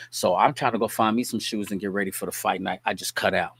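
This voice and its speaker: A man hosting a show, telling a family story in a casual, animated, slangy way and often checking in with the listener. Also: lowish voice, fairly quick, hardly any pauses, husky. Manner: animated, slangy, keeps asking "you dig what I'm saying?". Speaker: host.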